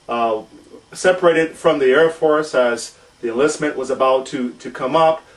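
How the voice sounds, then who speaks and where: A man in his forties with a Minnesotan accent, a pastor introducing himself in an earnest, measured way with frequent restarts. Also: medium pitch, far from the mic, low-quality recording. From southern Minnesota. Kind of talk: introductory church video.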